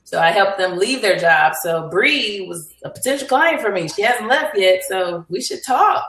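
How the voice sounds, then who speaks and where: Friendly woman coach on a video call, bright voice, mic at a distance in a roomy space. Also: mid-range voice, animated, moderate pace. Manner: upbeat and friendly. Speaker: business coach. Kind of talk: casual livestream chat.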